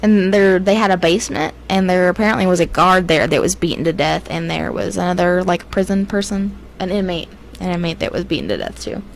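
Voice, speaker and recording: A woman's voice: lowish voice, brisk, vocal fry, few pauses, slight background noise, low-quality recording. A woman co-hosting a casual podcast, telling ghost stories in a loose, chatty way with lots of fillers. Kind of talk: casual chat.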